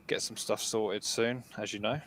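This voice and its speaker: A man's voice: on the low side, flat delivery, normal speed, a bit bright, a little hiss or hum. A man talking casually, laid-back and hesitant with many ums. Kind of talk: casual chat.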